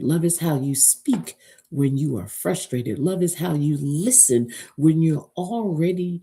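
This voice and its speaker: A woman delivers a live motivational talk in an unhurried, deliberate voice. Her tone is husky and mellow, a little low for a woman. She stresses her points emphatically and spells key words out letter by letter. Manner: rallies listeners to repeat after her. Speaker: relationship speaker.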